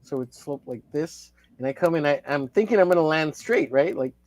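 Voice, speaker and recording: A man's voice: fairly high pitch, a little fast, darkish tone, a little hiss or hum. A man in casual livestream chat, telling a long story in a rambling, profane way with many restarts. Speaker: co-host of a drawing livestream.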